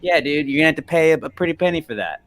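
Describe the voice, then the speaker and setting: A man's voice: on the high side, lively intonation, rapid-fire, a bit bright, faint music behind. A man co-hosting a podcast, laid-back and chiming in with jokes. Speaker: podcast co-host. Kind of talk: casual chat.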